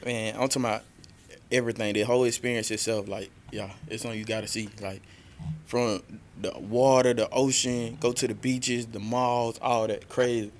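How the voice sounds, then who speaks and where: A man's voice: medium pitch, little pitch movement, moderate pace, a little hiss or hum. A man co-hosting a podcast, telling a long story in loose slang with lots of "you feel me". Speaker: podcast co-host. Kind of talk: casual podcast chat.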